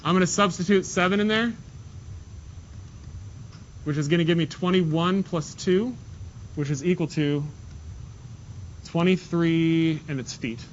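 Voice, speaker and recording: A man's voice: on the high side, measured pace, long pauses. A male math teacher working through problems with his class step by step and making joking asides. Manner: talks students through steps, jokey asides. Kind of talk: classroom lesson. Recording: dull lo-fi classroom recording with faint hiss.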